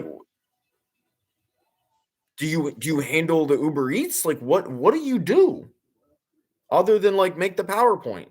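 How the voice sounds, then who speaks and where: A man hosting a watch-along, reacting to the game live with sarcastic, exasperated and profane commentary that rambles with fillers and restarts. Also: medium pitch.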